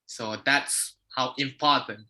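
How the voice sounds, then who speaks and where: Bright-voiced man joking on a call. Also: mid-range voice, steady tone, slow, a little hiss or hum. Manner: jokey and talkative. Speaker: meeting participant. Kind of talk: impromptu speech. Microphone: video call.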